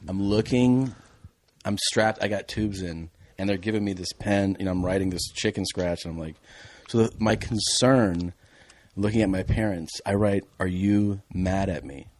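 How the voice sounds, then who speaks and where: Low-voiced man recounting a story. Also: moderate pace. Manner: earnest, breaks into laughter. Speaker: podcast guest. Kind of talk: casual storytelling.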